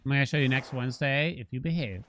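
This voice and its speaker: A man's voice: medium pitch, fast talker, a bit bright, a little hiss or hum. A man from Massachusetts with a Boston accent, streaming a game and chatting loosely with viewers, joking and swearing freely. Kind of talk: casual gameplay chat with viewers. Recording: game music playing behind.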